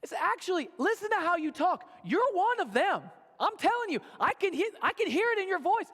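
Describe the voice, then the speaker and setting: A male preacher voicing a pushy bystander who keeps accusing, loud and needling, in a long hall reverb. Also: extremely high pitch, very animated, moderate pace, voice pushed up, full character voice.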